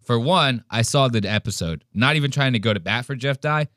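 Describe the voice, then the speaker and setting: A man's voice: mid-range voice, a little fast, fairly bright tone, no echo, clean studio sound. A man hosting a podcast, ranting and mocking a clip in profane casual commentary. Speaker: podcast host reacting to a clip.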